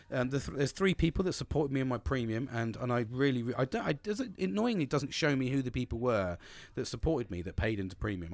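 A man's voice: medium pitch, dry recording. A man hosting his own podcast, talking casually and candidly with lots of swearing and restarts. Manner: rambling and candid, heavy swearing, many restarts. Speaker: podcast host. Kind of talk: casual solo podcast monologue. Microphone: own podcast microphone.

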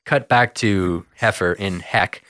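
Young guy with a lowish voice rambling thru a cartoon recap, swears a lot, super dry mic. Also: takes it slowly, no room sound. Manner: rambling, animated storytelling with lots of fillers and swearing. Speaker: podcast co-host. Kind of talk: casual chat recapping a cartoon episode.

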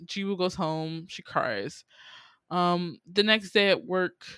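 A young adult podcast co-host recapping a drama in casual chat, animated and incredulous, swearing freely with quick asides. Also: mid-range voice, smooth, no room sound, clean studio sound.

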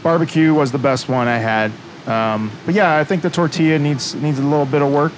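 A man's voice: on the high side, brisk, slight background noise, low-quality recording. A man hosting a podcast, upbeat and joking, riding a streetcar. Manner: jokey, upbeat. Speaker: podcast host. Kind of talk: casual chat.

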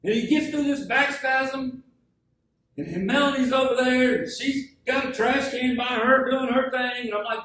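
A man's voice: extremely high pitch, moderate pace. A man preaching a sermon, telling stories and joking with the congregation. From Georgia, USA. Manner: storytelling, joking, animated. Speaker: pastor. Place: church hall. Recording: echoey hall from far off.

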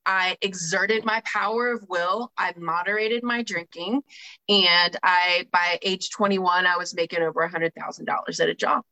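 On a low-quality recording, a woman with a lowish, pushed and bright voice speaks at a moderate pace with fairly even intonation. She candidly shares her own recovery story, often checking in with listeners and reading aloud from a book. Her delivery is conversational, with fillers and frequent "right?" tags.

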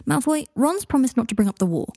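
Woman reading plain-talking wizard cop guy, blunt, husky-ish voice. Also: high-pitched, animated, quick pace, mellow, no echo, studio quality, pitched above the performer's own voice. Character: plain-spoken male wizard auror. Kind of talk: audiobook reading.

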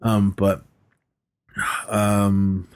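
A man's voice: fairly low pitch, very slow, clear, resonant tone. A man co-hosting a podcast, casually recapping a movie scene by scene, swearing freely and acting out lines from it. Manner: animated retelling with acted-out quotes, swears freely, laughs often. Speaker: podcast co-host.

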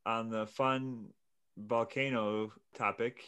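A man co-hosting a casual podcast. His voice sits on the low side. He tells stories slowly and loosely, with lots of ums and restarts. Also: steady tone, a bit bright, smooth. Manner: laid-back, hesitant storyteller with many fillers. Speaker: podcast co-host. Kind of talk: casual chat.

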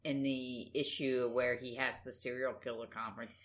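A woman's voice: a bass voice, flat delivery, moderate pace. A woman co-hosting a casual podcast chat about comics, thoughtful and rambling with hedging fillers. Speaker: podcast co-host. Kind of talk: casual comic book discussion.

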